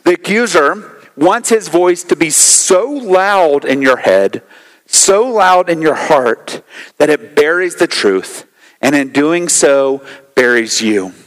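A man with a high voice preaches emphatically, hammering home phrases through repetition. His sermon rings with the long reverb of a large hall. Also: lively intonation, takes it slowly. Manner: emphatic, repeats phrases for effect. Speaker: pastor.

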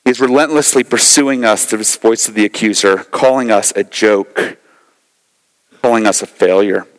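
A man's voice: on the low side, moderate pace, long reverb tail, low-quality recording. A male pastor giving a sermon, emphatic and repeating key phrases for effect.

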